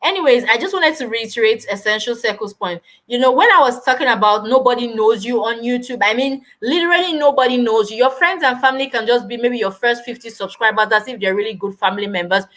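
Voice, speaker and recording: Bright, chatty young woman live-streaming. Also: a little high, fast talker, hardly any pauses. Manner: animated and chatty, exclamatory. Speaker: YouTuber hosting a live stream. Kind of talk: casual live-stream chat, reading viewer comments.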